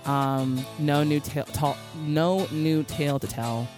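A woman's voice: deep voice, fairly even intonation, unhurried, over music. A young woman co-hosting a podcast, chatting casually with lots of fillers and laughs. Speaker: podcast co-host. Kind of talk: casual chat.

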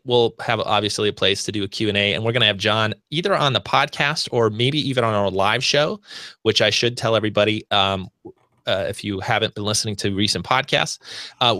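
An American man hosts a casual podcast, his voice bright and forceful with a slightly low pitch. He rambles along with frequent restarts and fillers. The sound is close and dry. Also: dry recording. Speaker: podcast host.

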